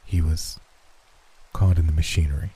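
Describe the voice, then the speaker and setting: A man playing an uneasy company messenger who speaks low, hesitant and formal. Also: steady tone, a little fast, warm tone, husky.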